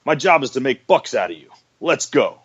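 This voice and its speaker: A man's voice: medium pitch, sing-song, normal speed, a bit bright, breathy edge. A man doing a blustery reindeer coach. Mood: bossy. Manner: blustery, drill-sergeant pep talk. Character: gruff male reindeer flight coach, bossy. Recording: dull lo-fi radio audio.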